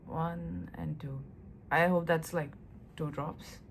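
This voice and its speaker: A young woman from India chats to camera in a casual vlog, gushing and emotional as she talks. Her voice sits a little low for a woman. A faint room ambience hums behind her. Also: steady tone, slow pace, creaky, a little hiss or hum. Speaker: lifestyle vlogger.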